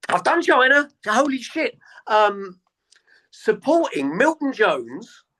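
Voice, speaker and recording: A man, a stand-up comedian, telling tour anecdotes in a relaxed interview and acting out the people he quotes. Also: very high voice, takes it slowly. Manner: animated anecdotes, acts out quoted voices. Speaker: comedian guest. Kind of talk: casual interview storytelling.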